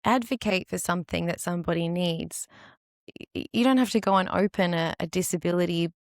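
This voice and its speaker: An earnest woman in her thirties talks through a solo podcast episode in a fairly low voice. She is candid and heartfelt, and she lifts into lively quoted voices. The sound is dry and close, with almost no room. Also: brisk, no room sound. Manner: earnest, candid, animated when quoting others. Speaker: podcast host and dance teacher.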